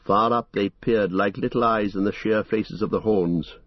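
A man reading a fantasy novel as an audiobook, in a steady, measured way. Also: lowish voice, dry recording, highs cut off. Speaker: narrator. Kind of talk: scripted audiobook narration.

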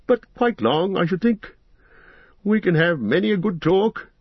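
Storybook role: man playing a fussy, chatty elderly hobbit, raised pitch, husky and unhurried, dull recording. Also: expressive, no room sound, full character voice. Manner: chatty, bright and fussing.

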